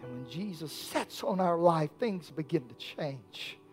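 A man preaching a sermon as pastor, swinging from hushed lines to shouted peaks. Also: on the high side, lively intonation, unhurried, faint music behind.

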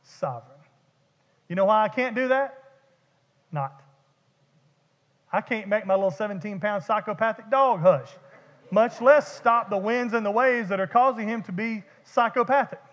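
High-voiced preacher in echoey church. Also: male voice, brisk. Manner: animated, conversational preaching with vivid humor and repeated words. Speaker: pastor. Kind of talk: sermon. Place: church sanctuary. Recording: dull echoey church hall.

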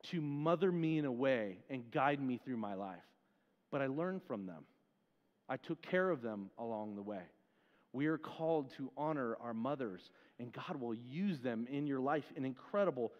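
A man who is an outreach pastor, giving a conversational sermon in an earnest, informal way, with casual fillers. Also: medium pitch. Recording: echoey hall, dull muffled sound.

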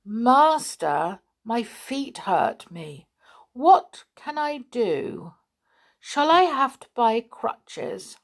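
A woman's voice: a little high, big pitch swings, very slow, voice pushed up, full character voice. A woman doing a plaintive dim creature man.

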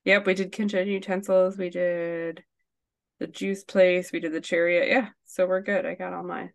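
A woman's voice: lowish voice, level tone, moderate pace, creaky, no room sound. A woman co-hosting a podcast as a social worker and mom, chatting casually and rambling with self-deprecating asides. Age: young to middle-aged mom. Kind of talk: casual chat.

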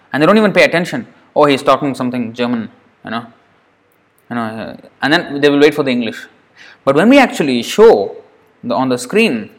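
A man giving a devotional scripture class in an earnest way, often repeating words for emphasis. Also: a little high. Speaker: lecturer.

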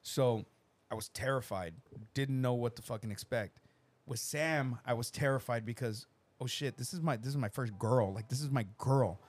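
A man's voice: medium pitch, normal speed. A man in his thirties hosting a casual podcast, swearing freely and telling family stories in a loose, rambling way. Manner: swears constantly, animated storytelling with acted-out quotes. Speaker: podcast host.

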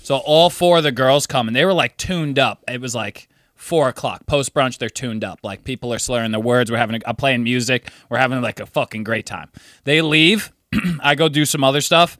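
Bright-voiced man telling a wild story. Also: normal speed, dry recording, clean studio sound. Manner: animated storyteller, swears freely, acts out friends in high voices. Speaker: podcast co-host. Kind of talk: casual storytelling chat.

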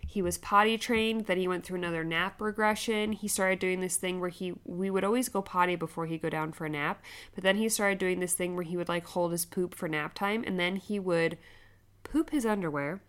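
A young woman, a mother and podcast co-host, telling stories in a casual chat, animated and full of "like" fillers, laughing as she goes. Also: fairly low pitch, fairly quick, clear, resonant tone.

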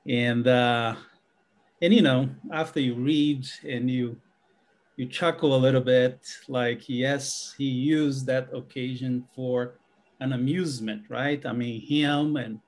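A man speaking as a guest in a casual discussion, with halting speech and frequent restarts. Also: medium pitch, fairly even intonation.

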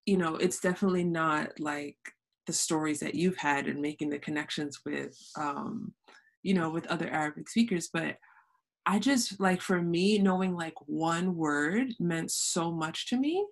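A woman's voice: low-pitched, normal speed. A woman hosting a podcast, telling stories animatedly, acting out quotes and laughing often. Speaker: podcast host. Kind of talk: casual conversational interview.

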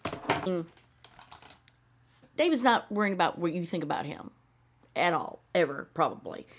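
A woman's voice: fairly low pitch, a little slow, noisy background. A woman hosting a podcast, ranting in casual reaction commentary, sarcastic and opinionated, swearing freely and mimicking people in mocking voices. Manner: animated, often acts out mocking voices. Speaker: podcast host reacting to a TV show.

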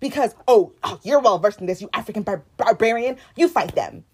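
Young woman podcast cohost, fired up and ranting, kinda husky voice. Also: mid-range voice, a little fast. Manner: heated, indignant and animated. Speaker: podcast co-host. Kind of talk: casual chat.

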